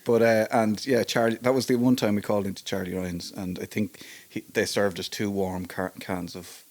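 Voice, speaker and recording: An Irish man chatting as a podcast guest about his one-man play. He talks in a rambling, halting way, with restarts and small laughs. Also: on the low side, steady tone. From Ireland. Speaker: guest, playwright and performer. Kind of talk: casual podcast chat.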